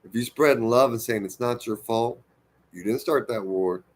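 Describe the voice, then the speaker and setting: A man in the middle of an impassioned rant, his voice sitting at an ordinary pitch. He swears constantly, jumping from loud outbursts to low mutters as he lectures his viewers. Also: normal speed. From United States. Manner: profane, heated ranting that swings between loud outbursts and muttered asides. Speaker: vlogger. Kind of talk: impassioned monologue to camera.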